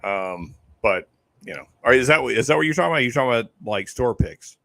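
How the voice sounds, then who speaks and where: A man's voice: mid-range voice, expressive, quick pace, creaky, fairly bright tone, no room sound. A man hosting a casual whiskey live stream, easygoing, often repeating words as he starts a sentence. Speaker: whiskey show host. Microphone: close desk microphone.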